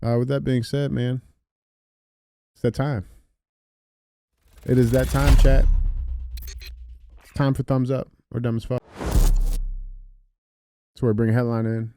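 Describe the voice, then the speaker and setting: A man's voice: mid-range voice, level tone, measured pace, long pauses, dark tone, a little hiss or hum. A man co-hosting a podcast, introducing a segment and reading a headline aloud in casual talk. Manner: agreeable, hypes the segment, reads headlines. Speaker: podcast co-host.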